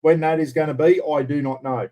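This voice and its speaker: A man's voice: fairly high pitch, fairly even intonation, a little fast, mellow, a little hiss or hum. An Australian man hosting a casual livestream from a room at home, chatting easily and greeting viewers by name. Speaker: livestream host. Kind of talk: casual live chat reading out viewer names.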